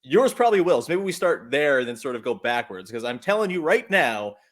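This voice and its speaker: A man joining a sports podcast as a guest analyst, chatting casually with jokes and quick asides. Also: on the high side, big pitch swings.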